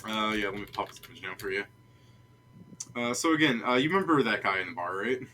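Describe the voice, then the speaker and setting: A man's voice: fairly low pitch, expressive, fast talker, bright, forceful tone, slight background noise. A man running a tabletop game as game master, chatty and laughing often.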